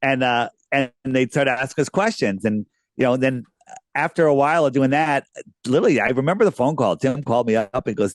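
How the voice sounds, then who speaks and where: A man's voice: medium pitch, a little fast, no echo. A man who is a radio guest, telling stories in a casual, rambling way with many restarts. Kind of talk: casual interview storytelling.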